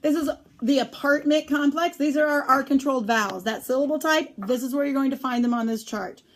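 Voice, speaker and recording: A woman teaching a phonics lesson on syllable types, speaking clearly and drawing out the example words slowly. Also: high-pitched.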